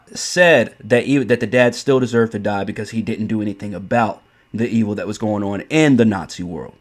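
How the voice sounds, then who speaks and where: A man delivers an opinionated commentary rant in an ordinary, mid-pitched voice. He is blunt and profane, circling back over his points and stumbling through restarts. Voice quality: blunt, profane, repeats himself. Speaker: commentary host.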